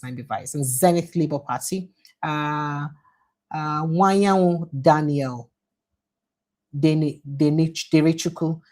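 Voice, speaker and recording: A Nigerian woman with a low, husky voice runs through the day's newspaper headlines, reading each one briskly. Between headlines she drops into short Pidgin comments on what she has read. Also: darkish tone. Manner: reads headlines quickly, slips into Pidgin asides. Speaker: news show host.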